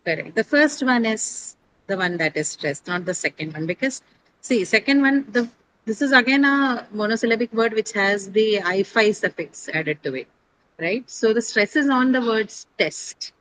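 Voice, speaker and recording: A woman's voice: a little high, animated, normal speed, fairly bright tone, slight background noise, poor audio. Woman teacher quizzing a class. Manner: explains step by step, quizzes students, corrects herself, many fillers. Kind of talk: classroom lecture on pronunciation.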